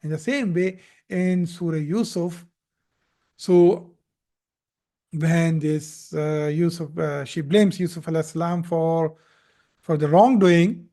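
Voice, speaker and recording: A man's voice: fairly high pitch, steady tone, slow pace, pauses often, warm tone. A man teaching Arabic grammar in a live recorded lesson, patiently explaining and repeating verb forms, sometimes stumbling over them.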